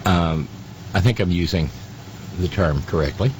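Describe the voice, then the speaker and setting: A man hosting a talk radio show, giving political commentary in a halting, sarcastic way full of fillers. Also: deep voice, noisy background.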